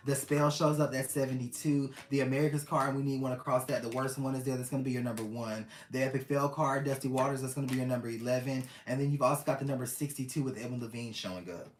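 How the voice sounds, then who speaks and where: A tarot reader gives a casual reading to camera in a mid-range voice, earnest and affectionate, often repeating phrases to the listeners. The recording has a roomy echo and slight background noise.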